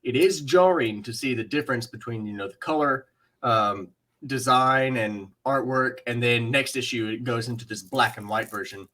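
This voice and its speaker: A man co-hosting a casual comic-book podcast, eager and quick, often repeating his words. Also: mid-range voice, sharp tone. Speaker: podcast co-host.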